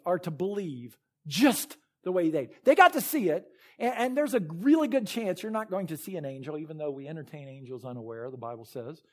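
A man's voice: fairly high pitch, a little mellow. A man preaching a sermon as pastor, reading scripture and retelling Bible stories with earnest emphasis.

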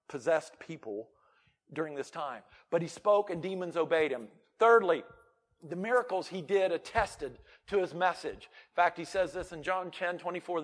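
Preaching man in a reverberant hall. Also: sits high. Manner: swings between loud preaching and quiet asides. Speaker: pastor. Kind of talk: sermon.

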